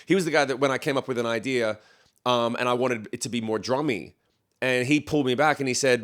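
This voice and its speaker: A man in a casual podcast chat, a singer-songwriter telling animated stories. He acts out other people's lines and swears freely. His voice sits in a middle register. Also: mid-range voice, fast.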